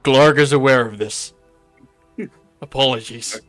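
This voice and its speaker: A man's voice: mid-range voice, a little slow, fairly bright tone, soft background music, voice pushed down, close to an everyday voice. A man voicing a brutish, menacing bandit boss who speaks of himself in the third person during a tabletop game. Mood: gruff.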